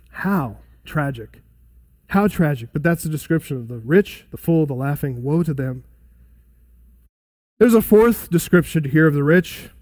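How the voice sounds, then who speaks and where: A man preaching an expository sermon, emphatic, dropping to quiet solemn asides. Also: fairly high pitch, no echo. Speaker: pastor.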